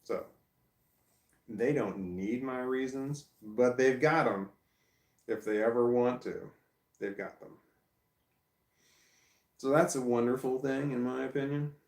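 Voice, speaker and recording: A man's voice: medium pitch, slow, gravelly, pauses often. A middle-aged man venting bluntly and profanely in a personal video rant, repeating himself as he goes. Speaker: vlogger. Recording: echoey room, distant from mic.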